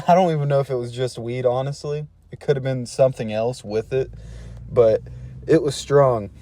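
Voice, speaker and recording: A man's voice: medium pitch, steady tone, moderate pace, dark tone, dry recording. A man telling a funny personal story in a laid-back, slangy way, chuckling between phrases. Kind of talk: casual storytelling.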